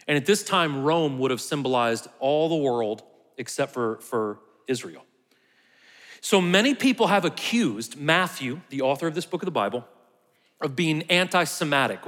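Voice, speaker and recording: A man's voice: mid-range voice, fairly bright tone, big-room sound. A man preaching a conversational sermon, sometimes dropping to a near whisper for emphasis. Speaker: pastor.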